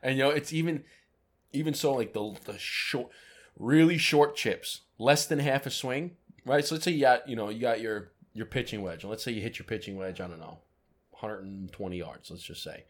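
A man co-hosts a laid-back podcast and tells a story in casual chat. His delivery is animated and full of swearing, in a voice of middling pitch. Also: normal speed. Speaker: podcast co-host.

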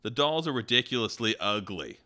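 A man's voice: on the low side, expressive, brisk, pushed and bright. A man voicing a fussy grown man grumbling about a doll store, reading in an exaggerated mock accent. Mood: indignant.

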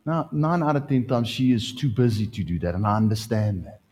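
A middle-aged man preaching a lively sermon as pastor, his voice leaping higher when he gets excited. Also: fairly quick. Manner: animated preaching, pitch jumping up when excited.

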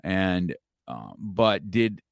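A man's voice: low voice, big pitch swings, very slow, creaky, no room sound, clean studio sound. A middle-aged man hosting an interview, talking in a rambling way with many fillers and restarts. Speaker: podcast host. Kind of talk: casual interview chat.

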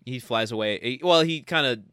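A man's voice: mid-range voice, fairly quick, fairly bright tone, clean tone, dry recording, studio quality. A man co-hosting a podcast, chatting casually and laughing often while he floats playful theories. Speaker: podcast co-host. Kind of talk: casual chat.

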